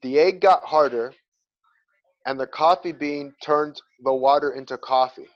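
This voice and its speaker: A man voicing a gentle mother who calmly consoles her grown daughter while telling a story. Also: on the high side, measured pace, dull audio, close to an everyday voice.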